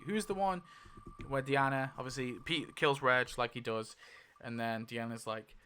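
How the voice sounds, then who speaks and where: A man's voice: mid-range voice, very animated, unhurried, bright, forceful tone, clear, resonant tone. A man hosting a casual video, thinking aloud as he goes, swearing freely and laughing often. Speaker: YouTube host. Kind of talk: casual commentary while spinning a wheel.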